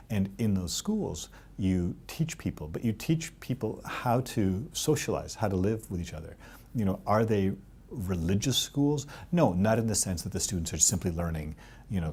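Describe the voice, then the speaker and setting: A man's voice: low voice, darkish tone, slightly rough. A middle-aged man, a professor of theology, gives earnest interview answers. He repeats his key points and scatters "you know" through his speech.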